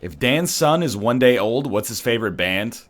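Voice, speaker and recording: A man's voice: mid-range voice, animated, normal speed, a bit bright. A Canadian man giving rambling, sarcastic commentary while playing a game. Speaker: let's play streamer. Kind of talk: casual gaming commentary.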